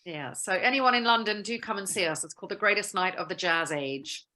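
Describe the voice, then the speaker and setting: A woman, a guest actress, telling stories in a lively, chatty way in a casual interview. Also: medium pitch, fairly quick.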